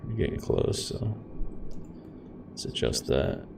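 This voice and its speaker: Low-voiced casual male streamer with a rambling manner, recorded a bit off-mic with faint hiss. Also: huge pitch swings, takes it slowly, gravelly. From grew up in a city. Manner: laid-back, rambling, says "man" and "guys". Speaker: flight sim streamer. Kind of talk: casual gameplay commentary. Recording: echoey room, mic far off, faint hiss.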